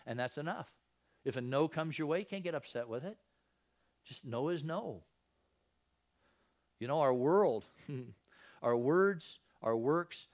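A man's voice: medium pitch, a little mellow. A man giving a casual Bible teaching in a folksy, conversational way, often asking his listeners rhetorical questions. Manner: folksy, repeats and restarts phrases. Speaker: Christian preacher.

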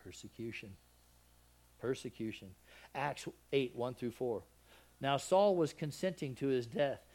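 A man's voice: medium pitch, a little mellow. A man with a Southern accent preaching a folksy, conversational sermon, often asking his congregation questions. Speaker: pastor.

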